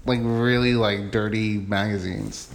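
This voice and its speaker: A man's voice: fairly low pitch, fairly even intonation, unhurried, gravelly, a little hiss or hum. A man co-hosting a film podcast, chatting casually and reacting with groans. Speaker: podcast co-host.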